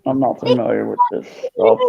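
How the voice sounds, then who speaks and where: Gravelly-voiced man in casual live chat, muffled lo-fi sound with steady background noise. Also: medium pitch, a little fast, crowd noise. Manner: plays with a voice-changer gadget. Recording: muffled, noisy lo-fi stream audio.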